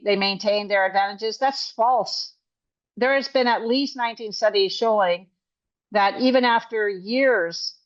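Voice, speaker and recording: A woman's voice: fairly high pitch, muffled recording. A woman coach and author speaking as an interview guest, emphatic and indignant, often restarting her sentences. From Canada.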